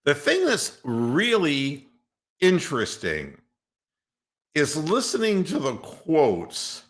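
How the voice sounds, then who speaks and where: A man's voice: a little high, wildly swooping pitch, takes it slowly, a bit bright. A man hosting a sports talk radio show, ranting in a sarcastic, mocking way and swearing freely. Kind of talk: opinionated sports talk rant.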